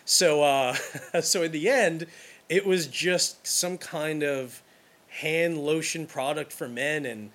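A man's voice: on the high side, slow, fairly bright tone. A wedding photographer from Brooklyn, a man talking casually and enthusiastically, rambling with restarts as he gives advice. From Brooklyn, New York.

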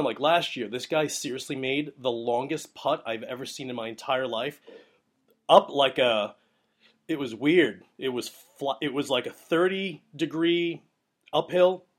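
Rambling, excitable man telling a story. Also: mid-range voice. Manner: rambling storyteller with many fillers, excitable bursts. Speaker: wedding photographer, podcast host. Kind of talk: casual advice monologue.

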